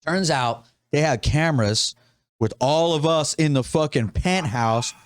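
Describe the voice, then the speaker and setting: A man's voice: a little high, measured pace, clear, resonant tone, dry recording, clean studio sound. A man telling a story in casual podcast chat. He swears a lot and acts out what other people said. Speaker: tattoo artist host telling a story.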